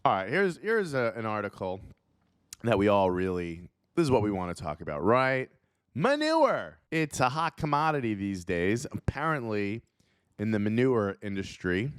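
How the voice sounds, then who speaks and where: A man's voice: big pitch swings, normal speed, clean tone, no room sound, studio quality. A comedian host riffing casually, joking and laughing at his own bits. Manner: jokey, laughs at his own bits, jumps into silly high voices.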